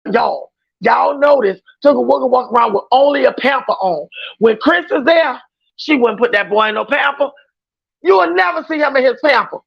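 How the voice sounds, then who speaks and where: Brief: outspoken woman streamer, high gravelly voice, dull lo-fi audio. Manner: emphatic, outspoken, often raising her voice. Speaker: livestream reaction host. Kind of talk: casual livestream commentary.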